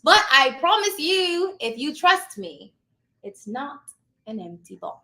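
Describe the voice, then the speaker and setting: Hyper, bright-voiced woman host. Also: high-pitched, very animated, slow pace. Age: adult with children. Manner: hyper and playful; calls the audience darling. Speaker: host and notary business coach. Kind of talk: casual live-stream chat.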